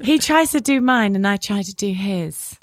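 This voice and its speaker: A woman's voice: mid-range voice, expressive, normal speed, no echo, clean studio sound. A woman with a British accent hosting a podcast, chatting in a loose, personal, rambling way. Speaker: podcast host. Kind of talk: casual interview chat.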